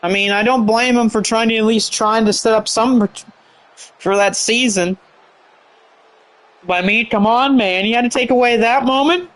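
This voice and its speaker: A man's voice: very high voice, moderate pace, pauses often, a bit bright. A man doing rambling play-by-play commentary on a wrestling show, heavy on fillers.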